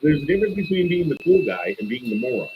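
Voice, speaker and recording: Animated man ranting about wrestling. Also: quick pace, highs cut off, slight background noise. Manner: animated, swings up into high excited bursts while ranting; profane and opinionated. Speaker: wrestling stream host. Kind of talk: casual live-stream show review.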